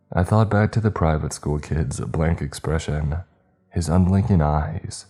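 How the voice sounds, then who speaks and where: Deep dark-voiced guy reading a creepy story, slow brooding, soft music behind. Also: husky. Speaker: horror story narrator. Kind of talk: scripted first-person horror narration.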